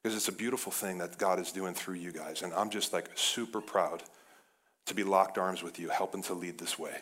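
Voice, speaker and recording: A man preaching an energetic, casual sermon as pastor, often saying "like" and addressing the church as "guys". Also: low-pitched, brisk.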